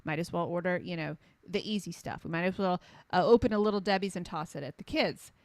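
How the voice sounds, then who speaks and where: A woman's voice: fairly low pitch, fast talker, dry recording. Emphatic middle-aged woman, dry sound. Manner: emphatic, repeats phrases for punch; animated storyteller acting out quotes. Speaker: health coach. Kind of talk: impassioned conversational advocacy.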